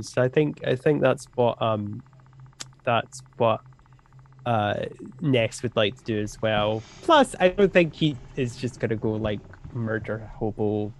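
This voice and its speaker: A man playing a tabletop game over voice chat, rambling and hesitant with frequent giggles. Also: mid-range voice. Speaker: player.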